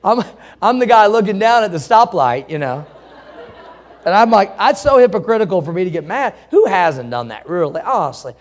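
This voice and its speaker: A man, a pastor preaching a sermon in a folksy, animated way, laughing at himself and acting out angry drivers. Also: high voice, normal speed.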